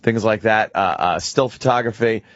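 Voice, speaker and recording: A man co-hosting a radio show, tossing off crude wisecracks in a mid-pitched, even voice. His asides land deadpan. The audio is dry and a little dull, as from a muffled studio line. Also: normal speed, no echo. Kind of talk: crude casual radio banter.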